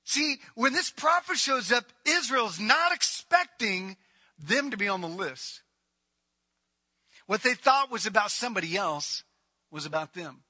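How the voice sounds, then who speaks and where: High, bright-voiced male preacher. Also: expressive, a little slow. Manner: conversational, retells scripture in everyday talk. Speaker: pastor. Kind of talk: sermon. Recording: long hall reverb.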